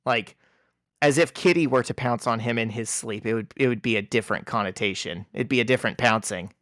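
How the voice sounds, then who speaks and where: A man co-hosting a casual podcast, retelling a comic book scene and reading its dialogue aloud in a lively storytelling way. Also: brisk, no room sound, studio quality. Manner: animated storyteller, reads quoted lines in a lower voice. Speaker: podcast co-host.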